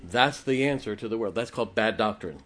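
A man's voice: fairly low pitch, expressive, brisk, fairly bright tone. A preacher delivers his sermon in a blunt, emphatic voice. He stacks short, punchy declarations one after another and chuckles between them. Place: church before a congregation.

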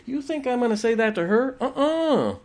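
A man's voice: very high voice, normal speed. A man preaching a sermon, telling stories and acting out the voices of the people in them. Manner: animated storytelling, acts out quoted voices. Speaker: pastor.

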